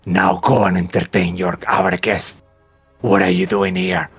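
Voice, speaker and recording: A man voicing a rude, deep-voiced male zombie bartender who answers curtly. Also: level tone, a little slow, slightly rough, no echo, faint music behind, exaggerated voice. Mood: surly.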